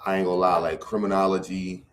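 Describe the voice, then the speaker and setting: A man's voice: sits low, flat delivery, fast talker, a bit bright, slight background noise. A middle-aged man, talking casually and loosely in slang, full of restarts, as a guest on a livestream. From Brooklyn, New York. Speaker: guest, educator running a program.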